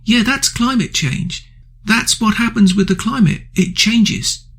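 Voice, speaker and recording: Gravelly, ranting male radio host. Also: high-pitched, a little slow, a bit bright. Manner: ranting, indignant, blunt insults. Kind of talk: angry political opinion monologue.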